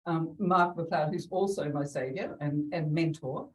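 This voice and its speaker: A middle-aged woman with a lowish voice talks through her work as an interview guest. She is chatty and laughs often. She is recorded a little far from the microphone. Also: unhurried. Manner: chatty, laughs often, acts out quoted callers. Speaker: real estate agent guest. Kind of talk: conversational interview. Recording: distant from the mic.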